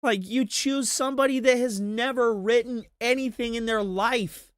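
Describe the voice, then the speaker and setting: A man's voice: very high voice, fairly bright tone, clean tone, dry recording, studio quality. A man ranting about movies on a casual commentary stream, swearing freely. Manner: profane, ranting.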